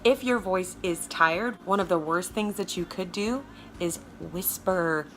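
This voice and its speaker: A woman vocal coach with a Southern American accent and a low alto speaking voice, giving a chatty, emphatic lesson straight to her viewers. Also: a little slow, soft background music. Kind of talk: casual video lesson.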